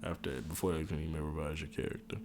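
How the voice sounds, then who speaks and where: A young man casually commenting while he streams a video game, talking to his chat in animated slang from home. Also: a bass voice, quick pace, noisy background. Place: indoors at home. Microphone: headphones on, streaming setup.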